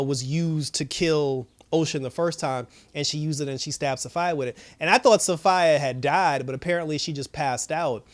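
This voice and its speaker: A man casually recapping a TV episode, animated and full of fillers like "you know". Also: on the high side. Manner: animated storytelling, many fillers. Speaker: TV episode reviewer.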